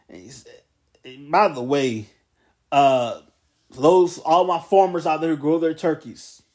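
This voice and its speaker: Young man, late twenties, solo podcast host; loose, rambling delivery, voice sits a bit high. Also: darkish tone. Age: 20s. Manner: rambling, loose, self-correcting. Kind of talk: casual solo wrestling podcast.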